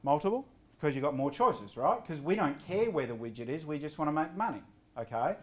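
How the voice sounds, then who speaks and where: A middle-aged man giving a property investment seminar to a live audience, lively and often quizzing the crowd. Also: fairly high pitch. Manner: energetic, quizzes the audience with quick questions.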